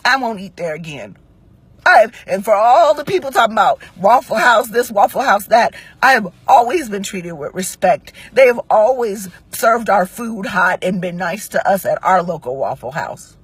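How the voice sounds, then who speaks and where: Woman, forties, raspy edge, swooping lively delivery, emphatic, profane, talking to camera. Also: mid-range voice, moderate pace, dry recording. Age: 40s. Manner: blunt, profane, emphatic storytelling. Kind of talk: heated monologue to camera.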